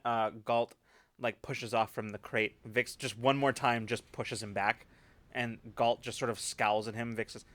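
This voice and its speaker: A man's voice: medium pitch, fairly bright tone, smooth. A man running a tabletop game as game master, narrating scenes casually with plenty of fillers.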